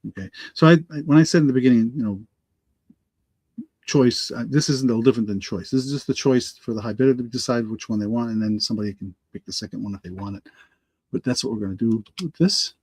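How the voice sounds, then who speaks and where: A middle-aged man hosting a live online auction, congested from allergies and slightly raspy, rambling and correcting himself as he answers viewers by name. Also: mid-range voice, fast talker, darkish tone, no echo. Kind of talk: live-stream auction chat.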